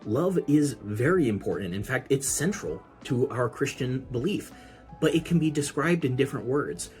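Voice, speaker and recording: A man hosting a podcast, explaining Bible words in a relaxed, conversational way with casual asides. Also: mid-range voice. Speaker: podcast host.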